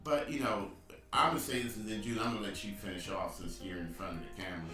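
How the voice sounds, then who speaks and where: A man with a bright, forceful voice co-hosts a casual live show, joking and laughing as he reads viewer comments. He sounds a bit far from the mic in a roomy space, with soft guitar music under him. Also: lowish voice, fairly even intonation, quick pace. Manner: teasing, laughs often, addresses viewers as family. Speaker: co-host of a live online show.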